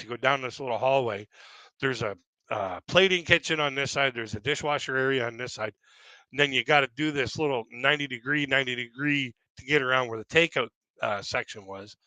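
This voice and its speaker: A man's voice: medium pitch, sharp tone, no room sound, rough recording. A man doing stand-up, telling rambling anecdotes, often restarting his sentences and laughing at his own stories. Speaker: stand-up comedian.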